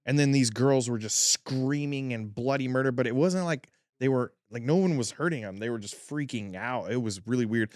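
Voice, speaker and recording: A man's voice: mid-range voice, normal speed, few pauses, no room sound, clean studio sound. A man, a tattoo artist, telling a wild story in casual chat, swearing freely and full of fillers. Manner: animated, profane, lots of fillers.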